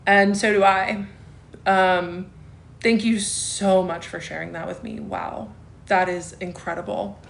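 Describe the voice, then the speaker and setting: A woman's voice: mid-range voice, slow pace, gravelly, slight background noise. A woman in her thirties hosting a casual livestream, reading viewer comments aloud and answering them with chatty asides and frequent laughs. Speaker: livestream host.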